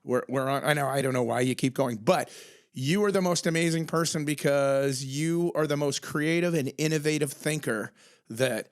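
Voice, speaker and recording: A chatty man hosting a relaxed conversation, talking in long rambling runs. His voice sits a bit high for a man, and he gushes with praise, acting out quick snippets of dialogue as he goes. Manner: effusive, rambling, acts out quoted voices. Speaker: podcast host. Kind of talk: casual chat.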